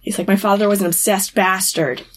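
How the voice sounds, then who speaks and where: A woman with a mid-range voice and fairly even intonation talks a little fast as she recaps a TV episode in casual chat. She retells the show's scenes, quoting the characters with lots of "he's like."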